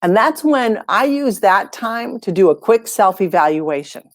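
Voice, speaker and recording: A woman, a life coach and podcast guest, tells stories in a relaxed, conversational way and acts out the lines of the people in them. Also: medium pitch, measured pace, no echo, clean studio sound. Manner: lively storyteller who acts out dialogue. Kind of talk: casual podcast storytelling.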